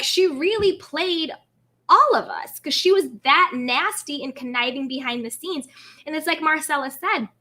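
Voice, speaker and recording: A woman hosts a casual livestream, her voice high and bright. She talks in an animated, gossipy way and keeps calling out greetings to viewers by name. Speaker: host. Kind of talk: livestream chat.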